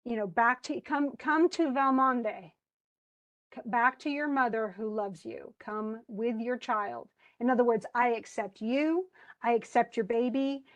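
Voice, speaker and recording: A woman voicing a loving mother who warmly coaxes her daughter to come home, reading the part in a class. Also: a little high, unhurried, muffled recording, natural voice. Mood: tender. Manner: warm, coaxing. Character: loving older mother, warm and welcoming.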